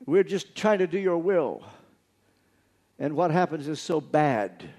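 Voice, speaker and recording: A man's voice: on the high side, lively intonation, unhurried, darkish tone. A man preaching a sermon, telling a personal story earnestly and stressing key words through repetition. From United States.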